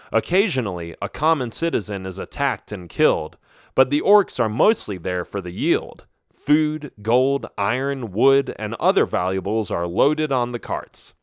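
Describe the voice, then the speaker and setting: Male narrator for a kids' fantasy book, mid pitch, dramatic reads. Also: no room sound, clean studio sound. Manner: dramatic, emphatic storytelling. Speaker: audiobook narrator. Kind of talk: scripted storybook narration.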